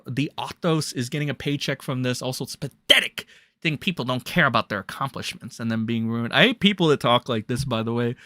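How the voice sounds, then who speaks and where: A man's voice: medium pitch, brisk, no room sound, studio quality. A young man ranting bluntly and crudely as a drama commentary streamer on a livestream. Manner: blunt, crude, ranting with sudden loud jumps.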